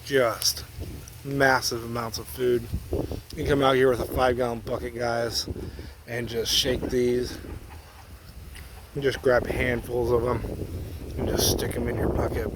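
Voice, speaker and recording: Casting: easygoing male grower, mid-pitched, chatty walk-and-talk by his trees, clucking hens and a crowing rooster clearly heard behind him. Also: a little slow, pauses often. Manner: relaxed and chatty, often munching berries while talking. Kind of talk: casual garden vlog. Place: outdoors among fruit trees on his property. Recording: outdoor noise with chickens and a rooster.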